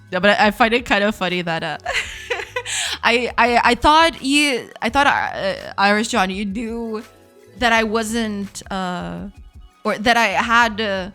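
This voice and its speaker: A woman's voice: mid-range voice, a bit bright. A woman from Portugal, a Portuguese native speaker, streaming game development and chatting with viewers, laughing often as she reads chat aloud. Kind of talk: casual live-stream chat.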